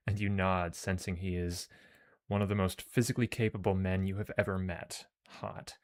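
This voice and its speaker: A man with a very low voice streams a space game. He jokes and swears to himself while reading the story text aloud in a loose, casual way. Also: little pitch movement, normal speed. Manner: joking, profane, talks to himself.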